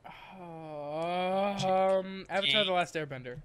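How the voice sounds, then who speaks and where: Laid-back young man, higher voice. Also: takes it slowly, a bit bright, smooth. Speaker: host of a game series. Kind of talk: casual chat while playing a game.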